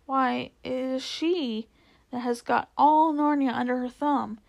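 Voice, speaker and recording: A woman reading a storybook aloud, voicing a guilt-ridden male fawn who talks slowly between sobs and groans. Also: high voice, steady tone, gravelly, heavily acted. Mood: despairing. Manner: slow, sobbing, groaning delivery.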